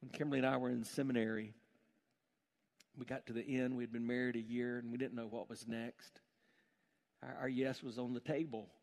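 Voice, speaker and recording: A man's voice: medium pitch, level tone, fairly quick, gravelly, long pauses, darkish tone. A man preaching a sermon to a church gathering, emphatic and building to fervent pleas. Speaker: pastor.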